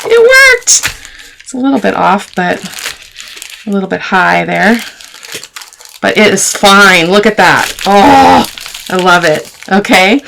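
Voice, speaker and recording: Low gravelly lady doing a chatty craft tutorial, noisy room, paper crinkling. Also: fairly bright tone. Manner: chatty, talks to viewers while working, self-teasing. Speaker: craft channel host.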